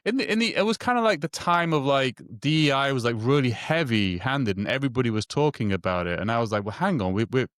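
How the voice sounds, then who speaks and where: A man's voice: medium pitch, expressive, a bit bright, no room sound, clean studio sound. A man telling a long personal story in casual conversation, stumbling over restarts and repeated words and acting out the dialogue. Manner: halting, many restarts and repeated words, acts out quoted dialogue.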